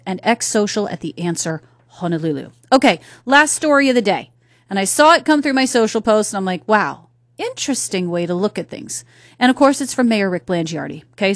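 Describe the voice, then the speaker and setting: A woman's voice: medium pitch, dry recording, studio quality. A woman hosting a solo talk radio show, chatting casually and putting questions to her listeners. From North Carolina. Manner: chatty, conversational, asks the audience questions. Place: radio studio. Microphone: studio microphone.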